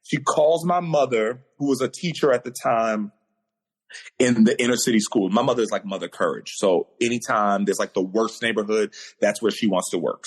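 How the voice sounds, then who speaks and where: A man's slightly rough, lowish voice comes through a video call where he is a podcast guest. He recounts a personal story with earnest emotion, and the intensity rises as it unfolds.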